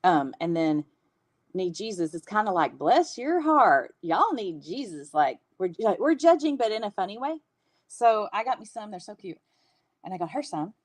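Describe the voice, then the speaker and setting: A woman's voice: medium pitch, animated, normal speed, a little mellow, no room sound. A woman in her fifties with a Southern US accent, hosting a casual livestream and chatting with viewers, laughing often. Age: 50s. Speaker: host.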